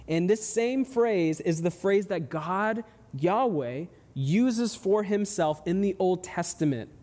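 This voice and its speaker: A male pastor delivers an expository sermon with a somewhat high, conversational voice. He keeps asking the congregation questions as he teaches. His words trail off in the long reverb of a large hall. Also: mellow.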